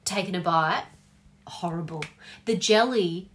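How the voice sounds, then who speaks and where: An Australian woman co-hosting a casual podcast chat, animated and acting out quotes, swearing casually. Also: on the low side, a little slow. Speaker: podcast co-host.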